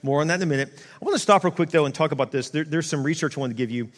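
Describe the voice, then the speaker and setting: A man preaching a sermon, his voice sitting high for a man. He talks casually and conversationally, stumbling into restarts and slipping into quoted asides. The sound carries a long reverb, as if from a large church hall. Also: rapid-fire. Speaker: pastor.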